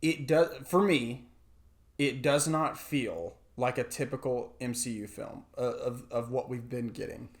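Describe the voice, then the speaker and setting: A man's voice: mid-range voice, unhurried. A man co-hosting a podcast, talking about a movie with enthusiasm, often restarting sentences and using fillers. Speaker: podcast co-host. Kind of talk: casual movie review chat.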